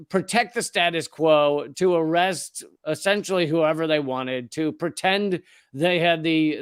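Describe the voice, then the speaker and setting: A man's voice: a little high, clear, resonant tone, dry recording, clean studio sound. A man co-hosting a podcast, talking in a blunt, profane, sardonic way. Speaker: podcast co-host. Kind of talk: casual podcast chat.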